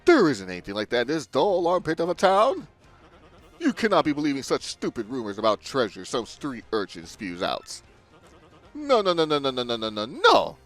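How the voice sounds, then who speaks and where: A man's voice: mid-range voice, big pitch swings, a little fast, soft background music, natural voice. A man reading game dialogue aloud, voicing a pompous, grandiose male millionaire sailor in a theatrical, haughty manner. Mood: haughty scoffing. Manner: theatrical, haughty, with wild swings in delivery.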